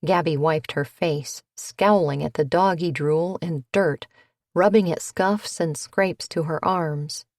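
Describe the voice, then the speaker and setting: A woman reading a cozy mystery audiobook, with even, unhurried narration that lifts into character voices for the dialogue. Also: deep voice, no echo, clean studio sound. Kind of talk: scripted narration.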